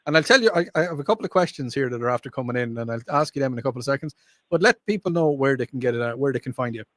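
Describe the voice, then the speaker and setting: A man's voice: mid-range voice, expressive, very fast, a bit bright, no room sound. An Irishman with a Cork accent hosting a radio talk show, chatting and joking with a guest, stopping and restarting his sentences. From Ireland. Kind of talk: casual radio interview chat.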